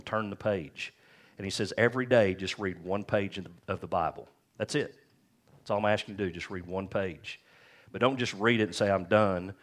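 A man's voice: on the low side, fairly bright tone. A man who is a pastor, preaching an earnest, conversational sermon full of personal stories.

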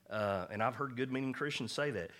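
A man's voice: medium pitch, a bit bright. A man preaching a sermon as pastor, emphatic and folksy, mixing jokes with insistent points.

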